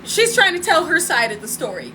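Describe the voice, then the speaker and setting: A woman's voice: very high-pitched, very animated, brisk, background noise. A woman telling a story in a casual live stream from home, chatty, laughing and talking to her viewers. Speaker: spiritual vlogger. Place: home room.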